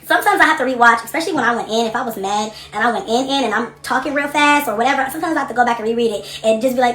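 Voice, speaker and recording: A woman's voice: a little high, racing, few pauses, echoey room, a little hiss or hum. A brash, profane woman livestreaming. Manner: blunt, profane, animated. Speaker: livestream host. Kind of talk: casual livestream chat reading comments. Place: home office.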